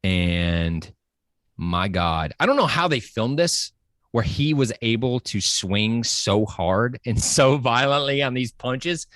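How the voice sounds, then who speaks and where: A man chatting excitedly on a podcast, full of enthusiasm and rushing from point to point with many fillers. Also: mid-range voice, no room sound, clean studio sound. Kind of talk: casual podcast chat.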